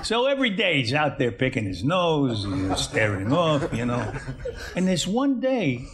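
A man's voice: medium pitch, huge pitch swings, unhurried, crowd noise. An actor playing a crude, boisterous old man who laughs and curses through a story in a TV drama. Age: older. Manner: loud, laughing, cursing, mimics a whiny child. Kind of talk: TV drama monologue.

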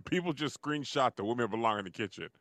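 A man's voice: medium pitch, lively intonation, quick pace, a bit bright, no room sound. Dry-sounding teasing man on a podcast. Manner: teasing, joking banter. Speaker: podcast co-host. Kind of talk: casual debate chat. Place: podcast studio.

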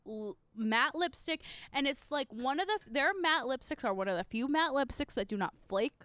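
A woman's voice: high-pitched, animated, moderate pace, a bit bright, no echo. A young woman co-hosting a casual chat, chatty and emphatic, swearing freely. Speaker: podcast co-host.

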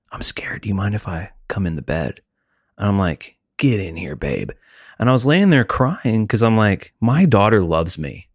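A man's voice: low voice, a little mellow, dry recording, clean studio sound. A man in his forties, a podcast co-host, telling candid and emotional stories about his family in casual chat.

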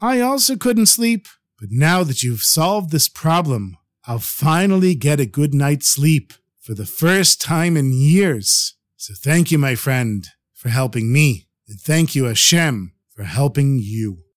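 A man voicing a wise older rebbe who speaks gently and affectionately. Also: a little high, animated, slow, no echo, clean studio sound. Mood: gentle.

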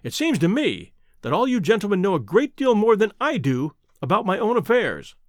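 A man's voice: sits high, very animated, moderate pace, dry recording, voice pushed up. A man voicing a blunt, plainspoken young baronet who exclaims freely, in a dry close recording.

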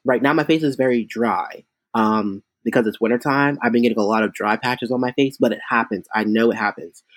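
A man who performs as a drag queen, telling chatty, animated stories in a casual interview, with lots of fillers. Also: medium pitch, no room sound.

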